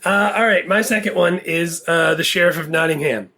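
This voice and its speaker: A man co-hosting a movie podcast in casual chat, gravelly and self-deprecating, laughing often. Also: on the high side, moderate pace, bright, forceful tone. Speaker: podcast co-host.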